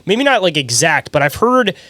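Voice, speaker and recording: Rambling male podcast host, higher voice. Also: sing-song, normal speed, bright, forceful tone, no room sound, clean studio sound. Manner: rambling, heavy use of "like", hedging. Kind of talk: casual chat.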